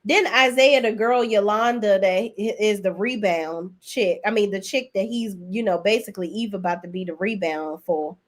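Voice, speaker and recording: A woman's voice: medium pitch, moderate pace, few pauses. A woman giving a casual, blunt and profane recap of TV episodes, chatting straight to her viewers. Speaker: TV show reviewer.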